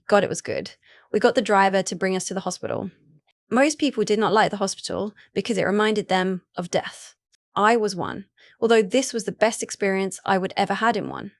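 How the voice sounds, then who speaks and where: A woman narrating a first-person romance audiobook in a steady, even reading voice, recorded on a close mic. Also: medium pitch, no echo.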